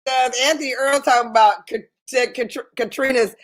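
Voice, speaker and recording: A woman's voice: high voice, steady tone, moderate pace. A woman co-hosting a radio talk show, chatty and emphatic, repeating herself for effect. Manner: chatty, emphatic storytelling with repetition. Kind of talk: casual chat.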